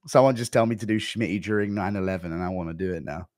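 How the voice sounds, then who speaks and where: A man's voice: low voice, a little mellow, no room sound, clean studio sound. A man chatting casually on a live stream, laughing and reading donations between bits. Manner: laughing, chatty, quick asides.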